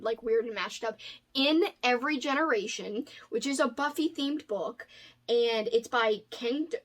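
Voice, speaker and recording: A woman's voice: on the high side, a bit bright. A woman in her thirties chatting casually on a home vlog, gushing and rambling as she unboxes book mail. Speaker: booktuber.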